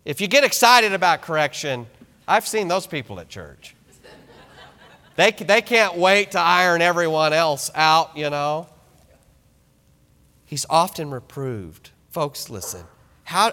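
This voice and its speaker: A man in his thirties preaching a sermon in a church, animated and joking with the congregation. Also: a little high. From small ranching town. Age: 30s. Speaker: pastor. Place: church sanctuary. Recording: long reverb of a church hall.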